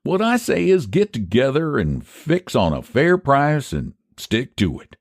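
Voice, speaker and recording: A man's voice: mid-range voice, wildly swooping pitch, measured pace, no room sound, studio quality, pitched above the performer's own voice, full character voice. A man voicing a sly, scheming older rural pie seller with a rural American dialect and a folksy drawl. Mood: persuasive. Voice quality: folksy drawl, old-fashioned country grammar.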